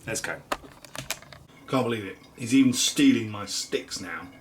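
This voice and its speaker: A man's voice: lowish voice, lively intonation, unhurried, slight background noise. Rambling man's video diary. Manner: rambling, chatty, self-mocking. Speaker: vlogger. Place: at home.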